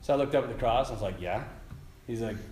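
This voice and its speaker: A man, a priest, giving an informal sermon at a prayer retreat, animated and laughing as he tells stories. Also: medium pitch, very fast, slight background noise. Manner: animated, laughing, conversational storyteller. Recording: echoey room.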